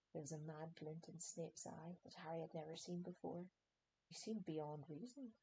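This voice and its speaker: Low-voiced woman narrating an audiobook. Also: fairly even intonation, normal speed, warm tone, a little hiss or hum, rough recording.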